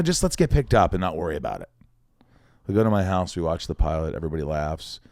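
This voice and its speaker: A man's voice: sits low, fast, dry recording, clean studio sound. A man on a podcast, telling a story in a casual chat and acting out the other people's lines. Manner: animated storyteller, acts out quoted voices, swears casually. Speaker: podcast guest, actor.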